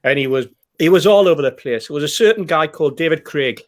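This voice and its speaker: Bloke rambling thru a story, bit higher voice, lots of ums. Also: male voice, lively intonation, fast talker. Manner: rambling, anecdotal, with fillers and repeats. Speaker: podcast host. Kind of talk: casual storytelling chat.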